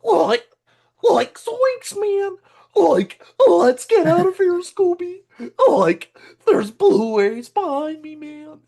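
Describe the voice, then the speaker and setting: A man's voice: very high-pitched, very animated, slow, creaky, dark tone, pitched above the performer's own voice, heavily acted. A man doing an impression of a goofy, laid-back young cartoon slacker, drawling and exclaiming in a dopey way.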